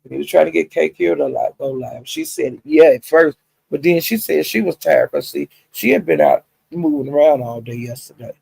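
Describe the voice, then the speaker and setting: A man with an extremely gravelly, husky voice tells gossip in a loose, profane way. His tone is dark and mellow, and the pitch sits a little high for a man. He is recorded dry and close. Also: normal speed, dry recording, rough recording. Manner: profane, animated, talks directly to listeners. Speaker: storyteller recapping a livestream. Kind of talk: casual gossip storytelling.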